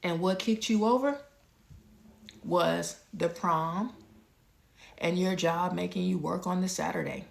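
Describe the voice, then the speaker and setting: A woman's voice: fairly low pitch, steady tone, unhurried, gravelly, long pauses. A woman in her thirties telling a personal story straight to her viewers, candid and casual.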